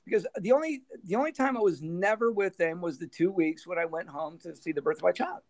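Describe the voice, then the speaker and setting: A man's voice: high voice, fast talker. A middle-aged man, a former band manager, telling road stories in a casual interview, laughing often and acting out what people said. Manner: animated storyteller who laughs often and acts out quoted dialogue.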